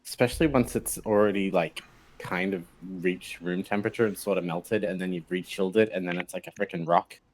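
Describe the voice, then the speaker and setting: A man's voice: low-pitched, fairly even intonation, a little fast. A man hosting a casual gaming stream, joking around and laughing often with friends. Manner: giggly and joking. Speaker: streamer host.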